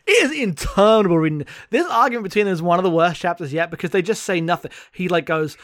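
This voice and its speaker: A man with a fairly high voice talks close to the mic in a dry, dead room. He runs a sarcastic comedic chat about a bad book. He laughs a lot and slips into mock quotes of its characters. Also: lively intonation, quick pace, a bit bright, dry recording. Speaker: podcast co-host. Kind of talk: casual comedic book discussion.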